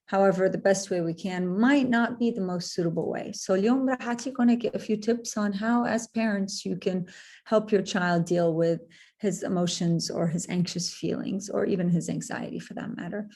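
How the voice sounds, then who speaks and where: A woman's voice: mid-range voice, brisk, a little mellow. A woman therapist giving an earnest webinar talk to parents, repeating points and saying "you know" and "um" often.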